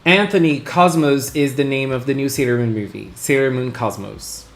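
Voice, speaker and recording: A man hosting a casual live stream, excitably chatting and greeting his viewers one by one. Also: mid-range voice, moderate pace, gravelly. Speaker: livestream host. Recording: roomy echo.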